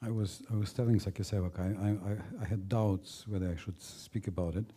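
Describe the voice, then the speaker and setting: Husky low-voiced man teaching gently. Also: fairly even intonation. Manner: halting, repeats words, acts out little scenes. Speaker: spiritual teacher. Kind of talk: informal spiritual talk.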